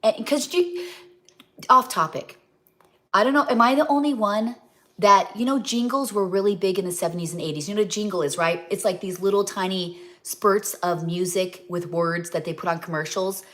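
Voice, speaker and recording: A woman's voice: medium pitch, moderate pace, a bit bright. A middle-aged woman chatting casually on a livestream as a home cook, rambling and often losing her train of thought, heartfelt and talking straight to her viewers. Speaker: home cook and cookbook author hosting a livestream.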